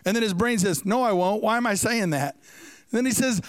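Male preacher, storytelling sermon, high resonant voice, dry close sound. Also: a little fast, no echo. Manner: storytelling with asides to the congregation.

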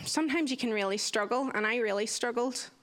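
A young woman sharing a personal testimony in earnest, expressive storytelling. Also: a little high, brisk. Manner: earnest and expressive, acting out quoted voices. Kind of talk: candid storytelling talk.

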